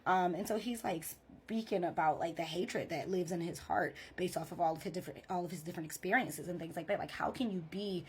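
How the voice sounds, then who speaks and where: Husky-voiced woman telling a story casually. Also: lowish voice, fairly quick. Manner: chatty, frequent "like" and "right?" check-ins. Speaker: therapist.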